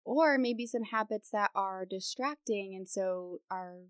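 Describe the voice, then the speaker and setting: Young female podcast guest, casual and chatty, creaky sentence endings, dry close mic. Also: medium pitch, a little slow, no echo. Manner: casual, laughs often, vocal fry at sentence ends. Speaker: guest voice expert. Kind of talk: podcast interview.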